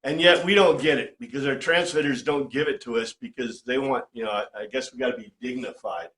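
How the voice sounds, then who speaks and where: Animated male Bible teacher, roomy sound. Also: medium pitch, a little fast. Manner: conversational, animated, keeps asking "right?". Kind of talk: informal Bible study lecture.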